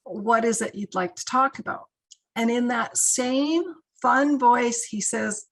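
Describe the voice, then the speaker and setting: A middle-aged woman with a fairly high voice speaks slowly over a rough recording. As a crisis-intervention guest speaker at a training session held by video call, she tells stories in a warm, conversational way, using many fillers.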